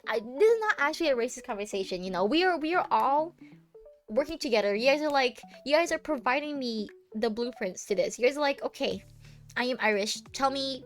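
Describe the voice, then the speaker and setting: A woman's voice: high voice, expressive, a little fast, fairly bright tone, soft background music. A young American woman streaming live, chatting casually and playfully with many restarts. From United States.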